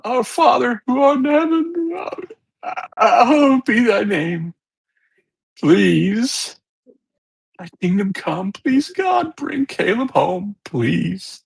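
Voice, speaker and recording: A game master voicing a desperate, hoarse mother who sobs through a prayer for her missing son, heard on a crackling old cassette tape. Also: medium pitch, lively intonation, slow pace, voice pushed up, heavily acted. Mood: sobbing prayer. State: sobbing. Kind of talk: tabletop game narration.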